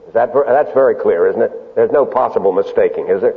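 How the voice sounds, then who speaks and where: A man preaching a sermon, deliberate and emphatic, with frequent pauses and filler sounds. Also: on the low side. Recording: lo-fi phone-band recording in a reverberant hall.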